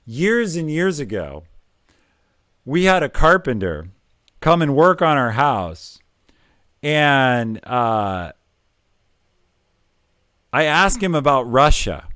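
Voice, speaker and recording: A man's voice: mid-range voice, big pitch swings, takes it slowly, long pauses, a bit bright, no echo, studio quality. A middle-aged man hosting a live stream with career advice, chatty and jokey, rambling with ums and uhs. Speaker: livestream host giving career advice. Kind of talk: casual live-stream chat.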